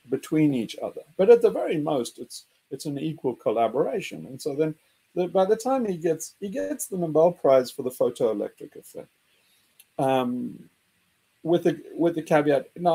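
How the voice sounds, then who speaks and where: Excitable husky man, lively pitch. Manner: excitable, laughing, mocking, acts out quotes with jumps in pitch. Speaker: host. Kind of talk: animated group discussion.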